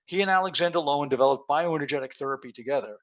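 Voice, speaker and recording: A man's voice: a little high, very fast. A man in his seventies giving a rambling, story-filled conference presentation over a call, with many fillers. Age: 70s. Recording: muffled lo-fi call audio.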